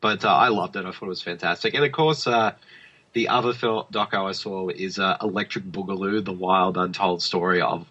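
Low-voiced and fairly quick, this podcast co-host sounds bright and forceful, with fairly even intonation. He rambles about films in casual review chat, with many fillers and restarts, recorded in dull lo-fi audio.

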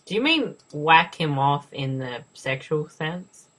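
A woman co-hosting a podcast, chatting casually over a movie, blunt and quick to swear and laugh. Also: low voice, very animated, a bit bright. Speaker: podcast co-host. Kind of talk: casual movie commentary chat.

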